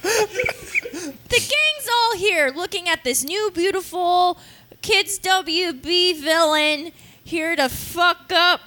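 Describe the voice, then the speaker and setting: A high, bright woman's voice in casual podcast banter. She recaps with crude, playful jokes and rolls straight on from one scene to the next. The tone is loose, unscripted chat. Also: lively intonation, takes it slowly, slight background noise. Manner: crude, playful, acts out characters while recapping. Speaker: podcast co-host recapping an anime episode.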